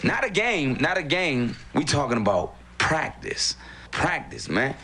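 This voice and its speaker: Guy doing a bright, fired-up coach rant, pitch swinging all over, distant clip sound. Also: very animated, a little slow, a little hiss or hum, full character voice. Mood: exasperated. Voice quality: incredulous, repeating himself. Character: exasperated male coach ranting about practice.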